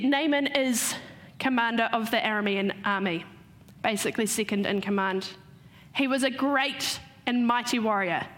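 A woman giving a sermon, retelling a story and slowing down to stress key points. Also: fairly high pitch, a bit bright. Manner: storytelling, slows for emphasis. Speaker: preacher.

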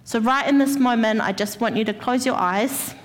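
A woman's voice: a little high, normal speed, long reverb tail. A woman gives a church sermon, telling a personal story and speaking straight to the congregation. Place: church hall.

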